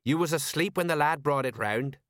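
A man's voice: a little high, a little fast, fairly bright tone, dry recording, studio quality, voice pushed up, close to an everyday voice. Man doing a plodding, chatty old sergeant. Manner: homely, working-class, chatty. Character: slow-witted cheerful middle-aged male sergeant.

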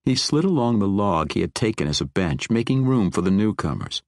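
A male audiobook narrator with a very deep voice that still moves a lot in pitch. He reads in a measured, expressive way, close to a dry microphone. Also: no room sound. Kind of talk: scripted fantasy narration.

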